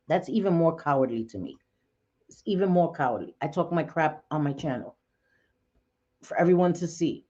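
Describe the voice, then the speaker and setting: A woman hosting a casual livestream chat, talking bluntly and excitably, cursing and laughing often. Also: low-pitched, moderate pace, long pauses, dull audio. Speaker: livestream host.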